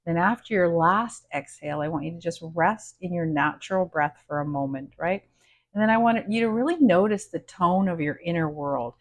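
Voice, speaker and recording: Counting slowly as she guides breathing exercises, a woman with a lowish voice and lively intonation coaches a self-help session. Her manner is warm and supportive, and she frequently checks how the listener is doing.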